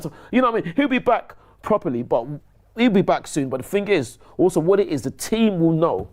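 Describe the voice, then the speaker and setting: An excitable man talks football fast and high, his pitch leaping around as he repeats himself. He laughs often and tumbles over his own words while he argues his case. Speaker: pundit. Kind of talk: casual football chat show.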